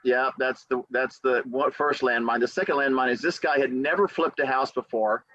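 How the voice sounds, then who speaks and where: A real estate attorney gives motivational advice on a podcast, animatedly telling stories, acting out quotes, and repeating key phrases for emphasis. He speaks at medium pitch and a moderate pace; the recording has no room sound and its highs are cut off.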